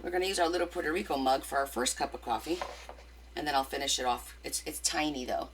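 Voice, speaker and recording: A woman's voice: deep voice, fast, heavy background noise. A middle-aged woman with a New Jersey accent, hosting a craft livestream, chatting casually and greeting viewers by name with rambling asides.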